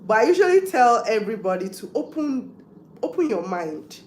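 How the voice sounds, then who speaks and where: A woman's voice: on the high side, big pitch swings, normal speed, a little mellow, roomy sound, slight background noise. Chatty Nigerian woman giving advice. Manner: chatty, advising viewers directly, mixing in Yoruba and pidgin. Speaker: livestream host. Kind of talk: casual live Q&A.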